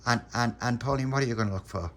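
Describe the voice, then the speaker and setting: A man's voice: medium pitch, quick pace, fairly bright tone, pitched above the performer's own voice, natural voice. A man voicing an eager, bossy little boy who stumbles over his words as he leads his friends' game.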